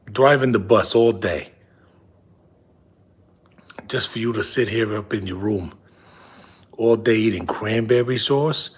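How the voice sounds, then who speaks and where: A man's voice: on the low side, slightly rough. A comedian playing a nagging middle-aged father who drives a bus, scolding his son over and over. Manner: scolding, repetitive, drops to hushed whispers. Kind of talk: comedy character monologue.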